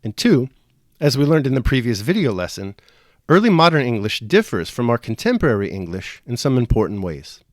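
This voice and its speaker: A male instructor explains poetry with measured, dryly witty phrasing. His pitch moves up and down a lot as he lectures. The sound is close and dry, with no room around it. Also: sing-song, no echo. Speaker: teacher. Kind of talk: scripted video lecture.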